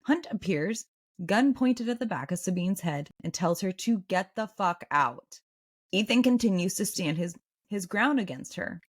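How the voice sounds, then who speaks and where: A woman hosting a podcast, reading a book recap and breaking into excited asides. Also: mid-range voice, a little slow, husky. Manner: animated, swings between reading and excited reactions. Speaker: podcast host.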